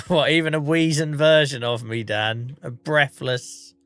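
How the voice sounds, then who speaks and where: A man's voice: on the high side, steady tone, slow pace, a bit bright, no room sound. A man in his forties with a Norfolk accent, chatting casually while live-streaming a farming game, under the weather and coughing, swearing and joking at his own expense. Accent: Norfolk English. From England. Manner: chatty, swearing, self-mocking.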